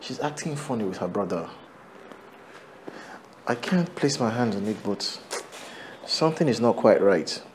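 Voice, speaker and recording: An uneasy confiding husband. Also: male voice, on the low side, animated, measured pace, long pauses, noisy background. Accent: Nigerian. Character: worried husband confiding in a friend.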